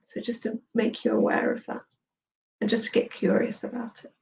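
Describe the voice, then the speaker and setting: A woman's voice: fairly high pitch, level tone, gravelly, a little mellow, recorded from a distance, slight background noise, low-quality recording. Soothing woman guiding a tapping session. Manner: slow, soothing guided instruction. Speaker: therapist and coach.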